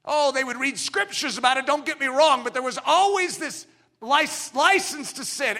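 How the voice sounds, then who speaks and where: Male preacher, middle-aged, high-pitched, bright ringing tone, fervent sermon, shouts then hushes. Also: moderate pace. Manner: dramatic swings between loud declarations and hushed, low passages.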